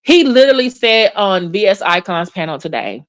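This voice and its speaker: A woman's voice: medium pitch, moderate pace. A woman giving casual, sassy commentary on online drama, acting out what others said and sighing in disbelief. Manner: sassy, animated, acts out quotes with sighs. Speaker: YouTube commentator.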